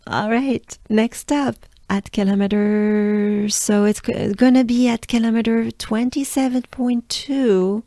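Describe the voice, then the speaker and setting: A woman from France with a French accent, patiently teaching pronunciation and repeating sounds slowly. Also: medium pitch, steady tone, mellow, dry recording, studio quality. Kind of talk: slow pronunciation lesson.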